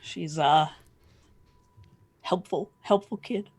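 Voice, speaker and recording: A player in a tabletop role-playing game describing a character's actions, halting with fillers. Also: medium pitch, darkish tone, breathy edge, no room sound.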